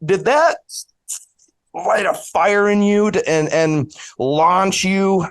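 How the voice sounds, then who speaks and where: Young male podcast host, high-pitched, smooth and clear, keen and admiring. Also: slow pace. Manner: eager, enthusiastic and admiring, laughs often. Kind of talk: casual interview.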